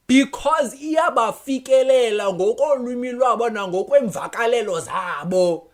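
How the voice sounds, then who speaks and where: Lively young South African man, code-switching. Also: high-pitched, normal speed. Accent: South African, Xhosa. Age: young adult. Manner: animated, switching languages mid-sentence, laughing often. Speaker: vlogger. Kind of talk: casual opinion monologue.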